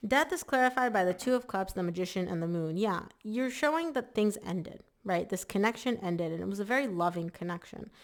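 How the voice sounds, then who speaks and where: A woman's voice: medium pitch, expressive, fairly quick, hardly any pauses. Chatty woman giving a tarot reading. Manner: chatty, emphatic, filler-heavy. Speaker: tarot reader. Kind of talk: casual tarot reading to camera.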